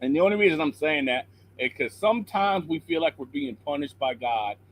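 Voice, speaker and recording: Middle-aged man, caller on a video call, earnest and preachy, a bit hoarse, faint background noise. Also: fairly high pitch, expressive, fairly quick, low-quality recording. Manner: earnest, preachy, quotes scripture. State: slightly hoarse throat. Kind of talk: call-in chat and Bible encouragement.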